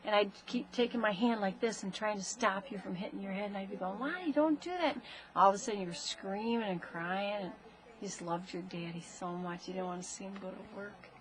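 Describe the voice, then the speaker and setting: A woman, a mother, telling her grown child stories about him as a baby in a casual home video, animated and often laughing. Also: mid-range voice, a little fast, slight background noise.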